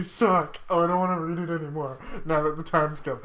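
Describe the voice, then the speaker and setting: A man's voice: on the high side, fairly even intonation, brisk, hardly any pauses, fairly bright tone, a little hiss or hum. A young man heckling a friend's reading with crude, mocking banter. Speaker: story reader and heckler. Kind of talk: casual banter and reading aloud.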